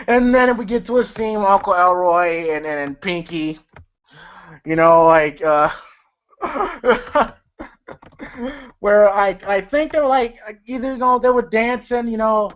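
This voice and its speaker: Woman movie reviewer, casual rambling delivery, heavy swearing, middle pitch, dull lo-fi recording. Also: expressive, takes it slowly, pauses often. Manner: rambling, profane, laughs often, many fillers. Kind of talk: casual retelling of film scenes.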